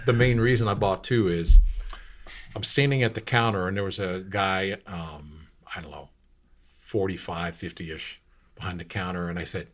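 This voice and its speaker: A man's voice: low voice, fairly even intonation, moderate pace. A man in his sixties, a radio host, telling long rambling anecdotes in casual talk. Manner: rambling anecdotal, acts out quotes. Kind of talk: casual storytelling.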